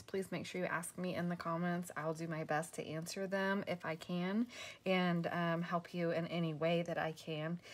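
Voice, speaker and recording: A woman chatting her way through a craft tutorial, self-deprecating, with many fillers and restarts. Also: fairly low pitch. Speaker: craft video host. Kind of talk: casual craft tutorial narration.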